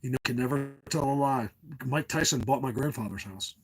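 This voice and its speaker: Speaking briskly in a husky, medium-pitched voice, a middle-aged livestream host from New Jersey chats casually with his viewers. He hops from tangent to tangent and laughs often, captured on a low-quality recording.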